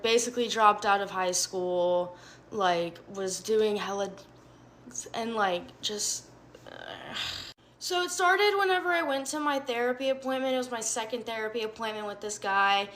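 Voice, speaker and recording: A young woman from Alabama telling a casual storytime, profane, animated and self-mocking. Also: a little high, a little slow.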